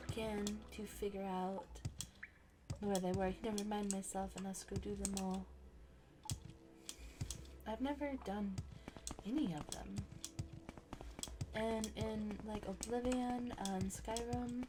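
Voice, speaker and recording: Chatty young woman, casual game commentary, game music and typing heard behind her. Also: medium pitch. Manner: chatty, thinking aloud while playing. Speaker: gaming channel host. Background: game music and keyboard typing.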